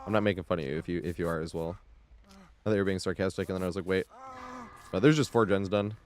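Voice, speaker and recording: A man's voice: deep voice, quick pace, darkish tone, slight background noise. A man streaming live gameplay, talking casually and swearing, humming and muttering to himself as he plays at home. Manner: casual, swearing, hums and mutters while playing.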